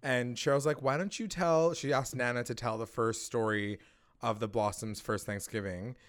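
A man in casual recap mode, animated and sweary as he acts out scenes. His voice sits at an ordinary middle pitch. He jumps between telling the plot and playing the characters. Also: normal speed. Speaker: podcast co-host.

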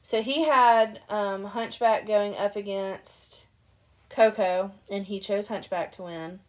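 A young woman co-hosts a relaxed podcast chat. She tells stories with lots of energy and laughs often as she talks. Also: medium pitch, slow pace. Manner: animated storyteller, laughs often. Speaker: podcast co-host. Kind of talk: casual chat.

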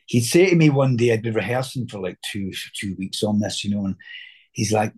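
A man's voice: mid-range voice, animated, a little fast, darkish tone, breathy edge. A middle-aged Scottish man, an actor being interviewed, telling rambling anecdotes full of fillers. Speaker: guest actor. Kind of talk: casual interview storytelling.

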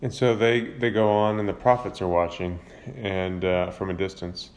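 A man with a low voice talks through a Bible passage in an easygoing, informal way. He paraphrases the story loosely, stopping to correct himself and using everyday fillers. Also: little pitch movement, normal speed, darkish tone. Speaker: Bible reader retelling scripture. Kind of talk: casual Bible summary and commentary.

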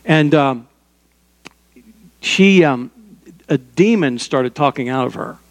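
A man's voice: fairly high pitch, lively intonation, slow, in a large hall. An older man preaching a sermon as pastor, in a conversational way with personal stories and small asides.

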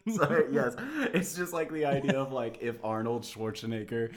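A man's voice: mid-range voice, normal speed, crowd noise. A man co-hosting a casual chat podcast, playful and theatrical. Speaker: podcast co-host.

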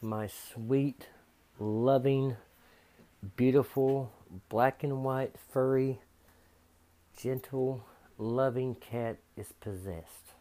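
A man performing a comic monologue, telling an exaggerated story in an animated way. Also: mid-range voice, extremely slow, pauses often. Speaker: comedian.

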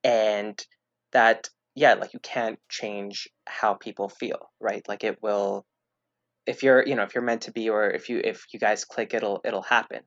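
A man chatting casually as a podcast guest, rambling and hesitant, restarting his sentences and filling pauses as he goes. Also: on the low side, fairly even intonation, creaky, fairly bright tone, dry recording. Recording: dull lo-fi dry recording.

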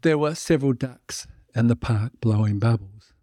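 A man's voice: medium pitch, normal speed, mellow, no room sound. A male podcast host in a chatty monologue, joking and self-mocking as he speaks into a close studio mic. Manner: chatty, self-mocking, fond of puns and jokes.

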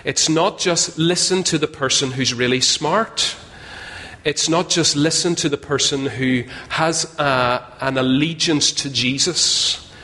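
A man's voice: on the high side, slow pace, bright, forceful tone. A man preaching a sermon in a conversational, self-deprecating way, often putting questions to his listeners. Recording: long hall reverb, faint ambience.

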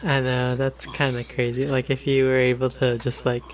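A man's voice: medium pitch, monotone, moderate pace, a little hiss or hum. Laid-back man in casual podcast talk. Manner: laid-back, filler-heavy, leads the topics. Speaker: podcast co-host. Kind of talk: casual chat.

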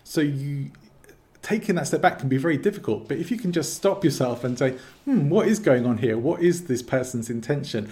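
A man with an English accent, explaining his views as an interview guest in a calm, measured way. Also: medium pitch. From England. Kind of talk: casual interview talk.

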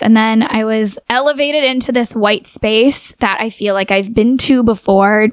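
A woman's voice: fairly high pitch, fairly even intonation, moderate pace, few pauses, smooth, dry recording. A woman telling a personal story in a casual, earnest way, with "like" filling many of her sentences. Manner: earnest, full of "like" fillers.

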